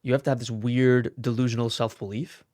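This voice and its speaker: A young man from Canada, an actor telling animated stories in a casual interview. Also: mid-range voice, a little fast, no echo, studio quality. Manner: animated, acts out quoted lines. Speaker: actor, podcast guest.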